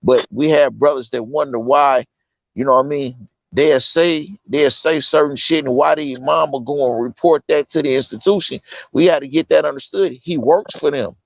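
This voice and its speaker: A man's voice: fairly high pitch, moderate pace, creaky, no room sound. An incarcerated man from California talking casually with earnest insistence, heavy with street slang and fillers. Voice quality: loose street slang, fillers like "you know what I'm saying". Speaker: incarcerated guest. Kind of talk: casual conversation. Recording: dull lo-fi sound.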